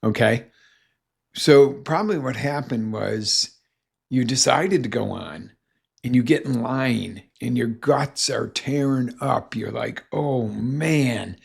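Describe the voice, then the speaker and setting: A man's voice: mid-range voice, takes it slowly, gravelly, slightly rough. A man, a life coach, giving a motivational talk and acting out scenes in quoted voices.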